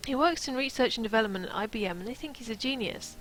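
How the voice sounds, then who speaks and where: A woman's voice: on the high side, animated, fast, fairly bright tone, faint music behind, rough recording. Playful woman reading a novel aloud. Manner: playful, chatty asides between reading.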